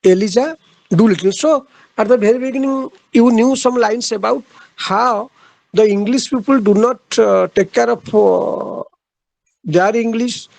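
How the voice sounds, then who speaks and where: A man lecturing on literature in a high voice with a gravelly edge. He speaks haltingly, often repeating a phrase and filling pauses with "uh." The sound is dry, with no room echo. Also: a little mellow.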